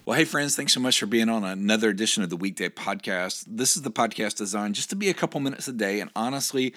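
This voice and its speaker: A man's voice: lowish voice, expressive, quick pace, a bit bright. A male pastor giving a short, earnest devotional sermon, reading scripture aloud and encouraging his listeners.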